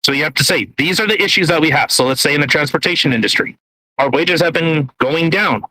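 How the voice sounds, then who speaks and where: A podcast co-host with a slightly high, sharp-toned voice talks quickly, rambling through casual political chat full of fillers, false starts and blunt swearing. The recording is dry and of poor quality, and he's eating into his podcast mic as he talks.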